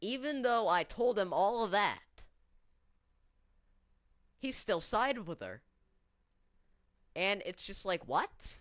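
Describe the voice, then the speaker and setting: Slow, indignant female vlogger ranting. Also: medium pitch, sing-song, no echo, studio quality. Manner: indignant, incredulous, swears often. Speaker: student vlogger. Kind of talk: story-time vlog rant.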